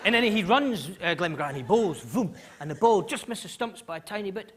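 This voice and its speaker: A high-pitched man telling a stand-up story on a big theatre stage. He laughs along as he tells it and keeps the delivery lively. Clear crowd noise and laughter sit behind him. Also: fairly quick. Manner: animated, laughing through the story. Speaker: stand-up comedian. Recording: live theatre with audience laughter.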